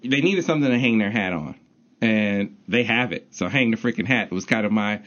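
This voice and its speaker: A man's voice: on the low side, animated, fairly quick, fairly bright tone. A male sports radio host in a studio, leading the chat and reading station breaks in an upbeat way. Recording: dull lo-fi radio broadcast.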